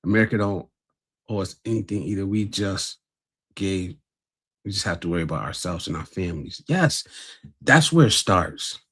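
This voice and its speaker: Deep husky-voiced man hosting a livestream. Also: expressive, moderate pace, fairly bright tone. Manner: greets chat viewers, blunt and earnest. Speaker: livestream host. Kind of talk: casual livestream talk.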